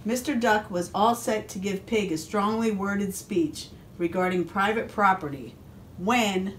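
A woman police officer reading a picture book aloud to a first grade class, expressive and adding asides to the children. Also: mid-range voice, unhurried, a little hiss or hum.

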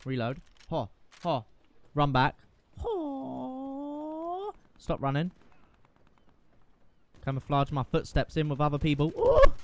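A man giving casual, profane, excitable commentary while playing a shooter game. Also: fairly high pitch, measured pace, pauses often, a little hiss or hum. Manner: profane, excitable, self-mocking. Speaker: gaming video creator.

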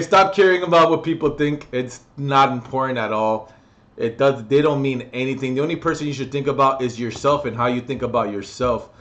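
Young male vlogger, crude and rambling, swears a lot, average pitch. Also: a little fast, fairly bright tone. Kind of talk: casual rambling monologue.

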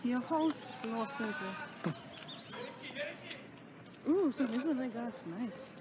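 A woman's voice: a little high, lively intonation, slow pace, noisy background. A woman co-hosting a casual home vlog, teasing her partner and laughing often, recorded at home in bed. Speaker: vlog co-host.

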